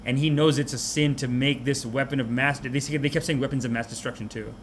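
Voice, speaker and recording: A man hosting a podcast, delivering a comic rant of a movie review in an animated, mocking way. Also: medium pitch, slight background noise. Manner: animated, mocking, puts on quick character voices. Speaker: podcast host.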